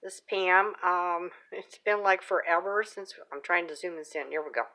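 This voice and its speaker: On her craft channel, a middle-aged woman casually shows and tells about her handmade work, with many fillers and restarts. Her lowish voice sounds pushed and bright, at a moderate pace.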